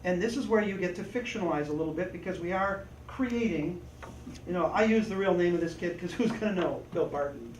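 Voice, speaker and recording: A man training a group on storytelling, lively, acting out little voices and asides as he teaches. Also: high voice, fairly quick. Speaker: presenter and trainer. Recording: echoey room, distant mic, faint noise.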